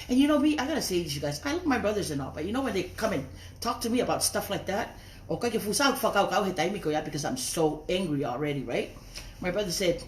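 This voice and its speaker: A woman's voice: mid-range voice, expressive, quick pace, a little hiss or hum. A woman ranting on a phone livestream, profane and confrontational, slipping between English and Tongan phrases. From raised outside Tonga. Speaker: social media livestreamer. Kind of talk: angry livestream rant. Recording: roomy echo.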